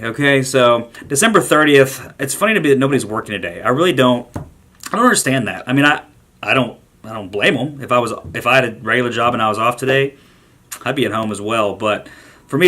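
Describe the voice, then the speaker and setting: A man's voice: mid-range voice, a bit bright. A man hosting a short daily vlog, ranting emphatically and repeating himself for emphasis. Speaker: podcast host.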